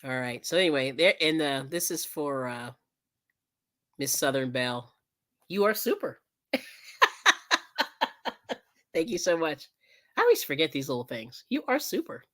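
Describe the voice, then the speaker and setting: A woman's voice: deep voice, big pitch swings, a little slow, long pauses. A woman hosting a casual live stream, chatting, laughing often and thanking viewers as she crafts. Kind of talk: casual chat while crafting.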